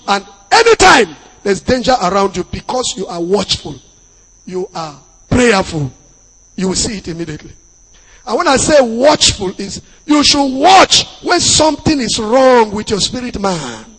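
A man with a Nigerian accent preaching as a pastor, dropping into Pidgin asides and bursting into loud emphasis. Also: high voice, sing-song, unhurried, husky. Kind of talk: sermon. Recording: long hall reverb.

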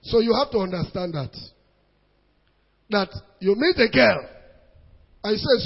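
Animated Nigerian pastor in a big hall. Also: male voice, high-pitched, normal speed, vocal fry, pauses often, husky. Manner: animated storytelling in Nigerian Pidgin mixed with English, acting out voices. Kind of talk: preaching sermon to a congregation. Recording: dull recording in a large reverberant hall.

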